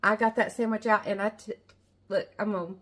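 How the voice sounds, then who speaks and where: Filming a laid-back vlog in her home kitchen, a middle-aged Southern woman spins a folksy, meandering tale in her regional American accent. She talks fairly quickly in a level, medium-pitched voice with a slightly bright tone.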